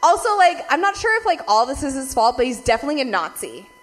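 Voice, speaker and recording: A young woman with a fairly high voice vents to her viewers in a fast, casual story full of "like" and swearing. She laughs often as she talks. Her voice leaps up in pitch and loudness whenever she gets worked up. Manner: rapid, laughing, heavy "like" filler and profanity; animated swings in loudness and pitch when ranting. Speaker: vlogger.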